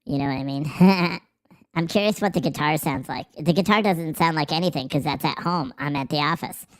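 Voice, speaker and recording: A man hosting a livestream through a pitch-shifting voice changer, chatting casually while reading viewer comments, sarcastic and profane with frequent laughs. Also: fairly quick. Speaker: livestream host. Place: office.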